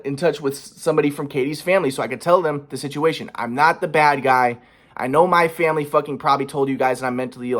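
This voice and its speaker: A man's voice: mid-range voice, a bit bright. A young man in a casual confessional vlog, rambling and agitated, swearing often with many restarts. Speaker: vlogger.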